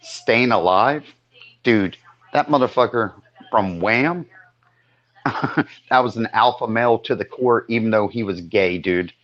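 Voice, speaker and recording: A low-pitched man talks at a very unhurried pace, offering blunt opinions with casual cursing. His voice sounds slightly dull and muffled, like a lo-fi recording. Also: a bit bright. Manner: slow, opinionated, casual swearing. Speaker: podcast host. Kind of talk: casual podcast chat.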